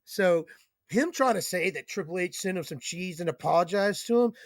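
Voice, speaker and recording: A man's voice: high-pitched, animated, normal speed, dry recording, studio quality. A man co-hosting a casual wrestling podcast, ranting sarcastically and swearing a lot. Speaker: podcast co-host.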